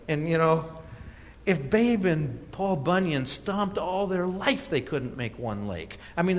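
A man's voice: on the high side, big-room sound. A middle-aged male pastor preaching a sermon, telling a personal story with laughs and restarts before reading scripture. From Minnesota.

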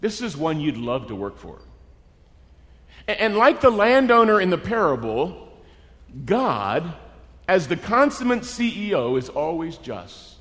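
Middle-aged guy preaching, animated, high voice, big echoey hall. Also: measured pace, pauses often. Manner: animated, acts out characters in the story. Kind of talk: sermon. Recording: long reverb of a large hall.

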